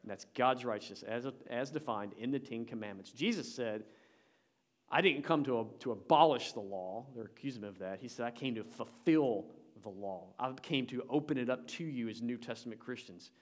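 A man's voice: mid-range voice, moderate pace. A man preaching a sermon as pastor, speaking conversationally and directly to the congregation, with emphatic swells and drops in volume. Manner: emphatic, rising and falling in volume.

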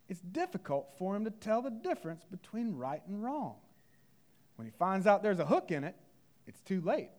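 A preacher doing Andy Taylor's slow Carolina drawl. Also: male voice, high voice. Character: slow-spoken small-town Southern father, plain and wise.

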